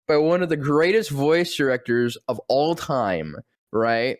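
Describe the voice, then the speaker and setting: Excitable young man spinning stories. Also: medium pitch, normal speed, dry recording, clean studio sound. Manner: excitable, swears, acts out quotes in many voices. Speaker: voice actor guest. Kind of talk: animated storytelling interview.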